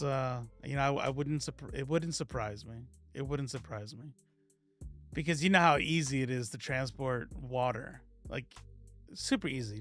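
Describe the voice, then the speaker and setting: A man's voice: medium pitch, fairly bright tone. A man doing casual live-stream political commentary, sarcastic and rambling, reading viewers' comments aloud as he goes.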